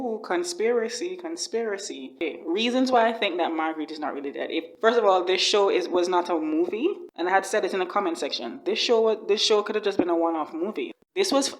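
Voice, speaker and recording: A woman hosts a reaction video in a casual, heartfelt way, often exclaiming and repeating her words. Her voice sits somewhat low. She swings between gushing and frustrated commentary.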